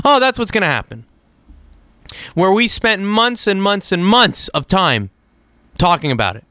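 A young man giving opinionated solo sports talk, animated, jumping into quick impressions of other people. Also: clean tone, dry recording, clean studio sound. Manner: animated, mimics people in quick asides, lively pitch swings. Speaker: sports commentator.

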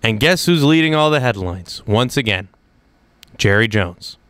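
A young man giving opinionated solo sports talk, animated, jumping into quick impressions of other people. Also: clean tone, dry recording. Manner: animated, mimics people in quick asides, lively pitch swings. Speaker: sports commentator.

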